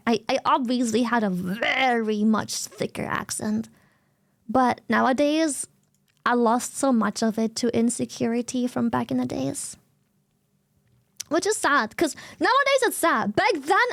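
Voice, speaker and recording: A woman with a German accent, a native German speaker chatting casually on stream in an animated, slangy way with plenty of swearing. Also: sits high, no echo, clean studio sound.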